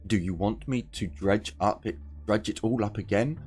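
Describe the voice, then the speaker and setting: A man's voice: fairly low pitch, moderate pace, a little mellow, soft background music, natural voice. A man voicing a frightened, grieving woman survivor, talking anxiously and urgently. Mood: distraught.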